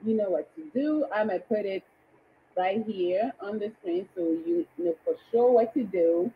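A woman's voice: medium pitch, lively intonation, measured pace, lo-fi sound, a little hiss or hum. A woman hosting a live dating show, chatting and greeting viewers by name. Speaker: livestream dating show host. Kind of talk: casual livestream hosting.

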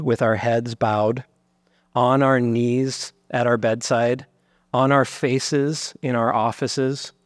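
A man delivers a church sermon in an earnest teaching manner, sometimes speaking God's words in the first person. His voice sits at a middle pitch. The sound is dry and close, with little room echo. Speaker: pastor. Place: church sanctuary.

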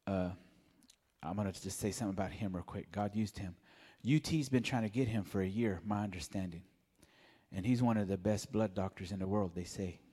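A man giving a mellow, soft-spoken personal testimony at church. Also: fairly low pitch, a little fast, husky, big-room sound. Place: church sanctuary.

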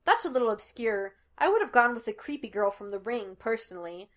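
A woman's voice: on the high side, very animated, brisk, a bit bright. Woman reading as a cocky wisecracking male psychic. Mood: joking. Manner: flippant, teasing.

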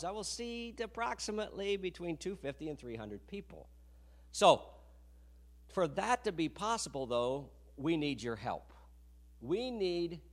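A middle-aged male missionary preacher appeals to a congregation for support. His voice sits fairly high for a man and swoops widely in pitch as he throws rhetorical questions to the room. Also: fairly bright tone. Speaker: missionary pastor. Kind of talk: fundraising appeal in church. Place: church sanctuary.

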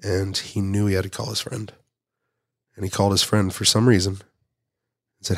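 A man speaking earnestly and with emotion as a guest on a podcast, soft-spoken on serious matters. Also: low voice, flat delivery, normal speed, no echo, studio quality. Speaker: guest, nonprofit founder. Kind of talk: heartfelt podcast conversation.

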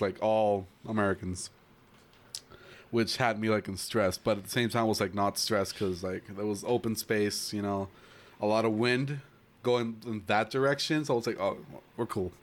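A young man telling a rambling story in casual chat with friends, full of fillers and shrill impressions of other people. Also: fairly even intonation, normal speed.

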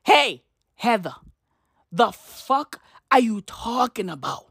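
Loud profane woman ranting for laughs. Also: fairly high pitch, very animated, slow pace, husky, no echo, studio quality. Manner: loud, profane, emphatic, with shouted bursts; heavy use of slang asides. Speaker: commentator. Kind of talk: comedic rant to camera.

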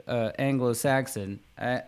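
A man's voice: medium pitch, steady tone, unhurried, smooth. An American man hosting a casual podcast chat, joking and laughing often. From United States.

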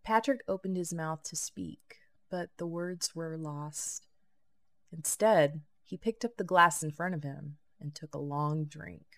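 A woman narrating a novel as an audiobook, steady and even. Her voice is low and gravelly throughout. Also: unhurried. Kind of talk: scripted narration.

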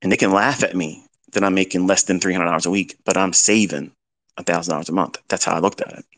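A man's voice: low voice, steady tone, fast talker, a bit bright. A middle-aged man lecturing as a trading mentor, giving blunt fatherly advice with rhetorical questions. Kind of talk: lecture-style talk.

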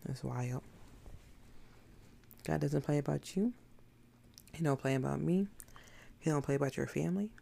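A woman's voice: sits low, normal speed, creaky, long pauses, dark tone. A woman giving an informal sermon in a blunt, emphatic, conversational way with rhetorical questions. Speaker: preacher.

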